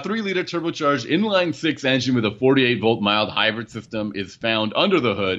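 A man chats casually about a car he reviewed. His voice is bright and forward, and he rambles and backtracks mid-sentence. The recording sounds dull and lo-fi. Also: mid-range voice. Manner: rambling, self-correcting, laughs at own jokes. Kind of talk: casual podcast chat. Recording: muffled, lo-fi audio.

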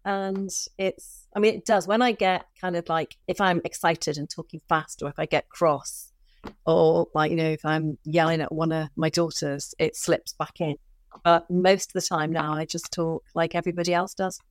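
A middle-aged woman speaks in a lowish voice with a softened Liverpool accent. She talks candidly and chattily, full of asides and fillers, and the dry, close recording has almost no room sound. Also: steady tone, moderate pace, dry recording. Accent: mild Liverpool, softened toward southern English. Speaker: guest, former cabinet minister. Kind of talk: casual conversational interview.

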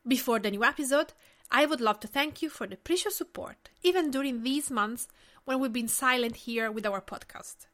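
A woman's voice: high-pitched, normal speed, fairly bright tone. A woman in her late thirties from Tuscany with an Italian accent, hosting her own podcast in a scripted, earnest and personal way. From Tuscany, Italy. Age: 30s. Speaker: podcast host.

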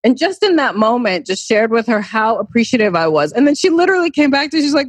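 A woman hosting a podcast in a casual chat, upbeat and quick to agree. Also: a little high, big pitch swings, breathy edge, no echo. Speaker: podcast host.

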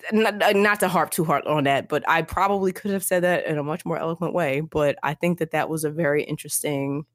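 A woman co-hosting a podcast, rambling in an animated way, with many uses of "like". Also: low voice, brisk, no room sound, clean studio sound. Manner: rambling, animated, heavy use of filler "like". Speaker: podcast co-host. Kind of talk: casual chat.

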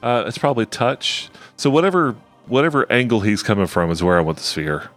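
A man's voice: mid-range voice, brisk, faint music behind. A young man playing a tabletop role-playing game, joking and laughing between his character's moves. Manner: laughing, animated, jokey. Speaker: player.

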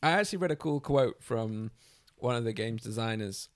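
A man in casual chat, talking with enthusiasm and swearing freely. The voice sits at a middling pitch. The sound is dry and close to the mic. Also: expressive, normal speed, dry recording. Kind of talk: casual chat about a video game.

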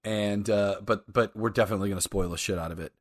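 A man's voice: on the low side, fairly even intonation, fast talker. A man co-hosting a podcast, mock-apologetic, stammering and laughing in casual chat. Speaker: podcast co-host.

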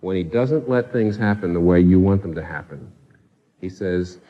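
A man's voice: deep voice, lively intonation, moderate pace, muffled recording. A man preaching a sermon with passion, pressing his listeners with pointed rhetorical questions. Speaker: pastor.

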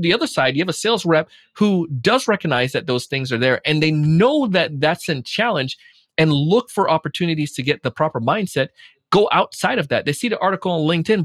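A man talking casually as a podcast guest, animated, acting out quoted voices. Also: on the high side, slightly rough, no room sound, clean studio sound. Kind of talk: casual chat.

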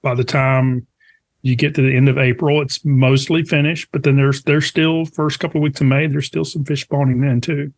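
Man, casual explanation, halting, restarts, plain mid voice. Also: medium pitch, flat delivery.

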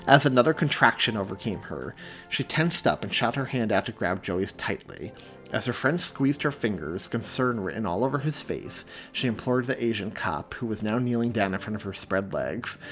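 A man, the author, reading his own story aloud in a measured, steady audiobook narration. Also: fairly low pitch, faint music behind.

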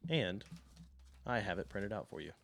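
A man narrating as game master of a tabletop game, describing finds and calling for dice rolls in a measured way. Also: fairly low pitch, big pitch swings, fairly bright tone, a little hiss or hum.

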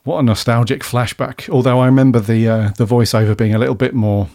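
A man's voice: medium pitch, fairly even intonation, fast talker, darkish tone. Chatty, jokey male podcast host. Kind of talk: casual podcast chat.

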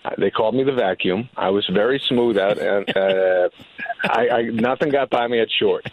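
A man's voice: on the low side, moderate pace, no echo, phone-quality sound. A middle-aged man with a New England accent, telling stories in casual chat and putting on his parents' voices. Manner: animated storyteller, does voices of his parents. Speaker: guest.

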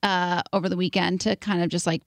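A woman's voice: on the low side, little pitch movement, fairly quick, no room sound, studio quality. A young adult woman co-hosting a podcast, chatting casually and emotionally with lots of "like.". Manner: chatty and emotional, heavy use of "like". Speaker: podcast co-host. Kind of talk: casual chat.

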